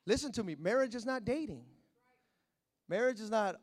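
A middle-aged man preaching a sermon, acting out quotes and breaking into sudden shouts. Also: high voice, lively intonation, moderate pace. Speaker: pastor.

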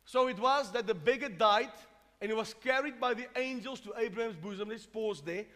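A man from South Africa preaching a fervent sermon as pastor, rising from calm explanation to shouting. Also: extremely high pitch, brisk. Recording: long hall reverb.

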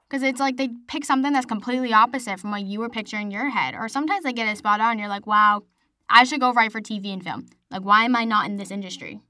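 A young woman from Massachusetts hosts her own podcast, chatting casually and rambling solo with plenty of "like". Her voice is a little high and fairly bright. The recording is dry and studio quality.

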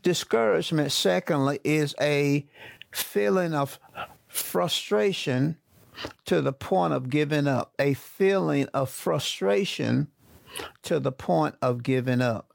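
A male pastor preaching a sermon, slowly repeating his key phrases for emphasis. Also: on the high side, vocal fry, no room sound, clean studio sound.

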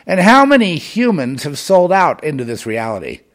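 A man delivering a rambling monologue straight to the listener, with many restarts, swinging between muttering and loud ranting. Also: a little high, big pitch swings, moderate pace. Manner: many restarts and repeated words.

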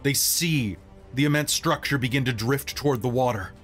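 A man leads a live tabletop game, setting scenes in short, dramatic phrases. His voice has a middling pitch for a man, and faint music plays behind him. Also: moderate pace, fairly bright tone. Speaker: game master.

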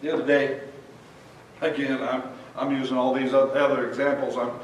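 A man's voice: medium pitch, flat delivery, moderate pace, a little hiss or hum. A man preaching a fervent sermon as pastor, often repeating and restarting his words, in a church sanctuary. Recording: very echoey hall, mic far off.

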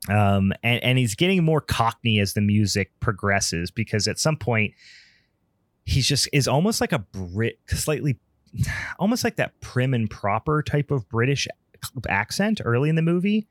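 A man's voice: mid-range voice, very animated, normal speed, no room sound, clean studio sound. A man co-hosting a podcast, retelling movie scenes in a casual, sarcastic way and laughing often. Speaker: podcast co-host. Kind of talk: casual film review chat.

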